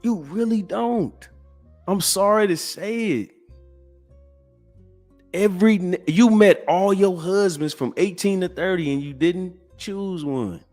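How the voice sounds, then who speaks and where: A man in his forties hosting a podcast, ranting bluntly and profanely, jumping from loud outbursts to low, sighing asides. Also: slow, faint music behind. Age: 40s. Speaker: podcast host. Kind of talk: ranting commentary.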